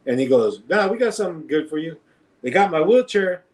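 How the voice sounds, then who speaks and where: A man's voice: a little high, brisk. A man telling a street story in casual conversation, often laughing and acting out the voices of others. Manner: animated, laughing, acts out voices in anecdotes. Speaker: guest storyteller.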